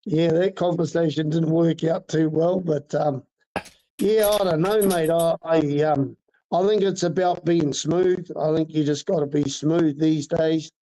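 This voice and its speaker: A middle-aged man, a racing driver talking haltingly in a casual interview. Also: on the high side, fairly even intonation, warm tone. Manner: halting, many fillers and restarts. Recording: dull lo-fi sound.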